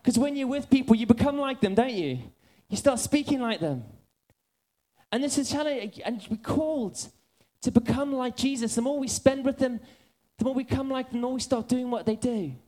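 A man preaching a sermon, telling funny stories about himself and then easing into soft, earnest appeals. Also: very high-pitched, moderate pace. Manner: animated storytelling, drifting into soft earnest appeals.

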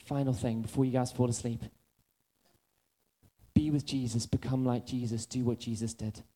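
A man preaching a sermon, telling funny stories about himself and then easing into soft, earnest appeals. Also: medium pitch, normal speed. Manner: animated storytelling, drifting into soft earnest appeals.

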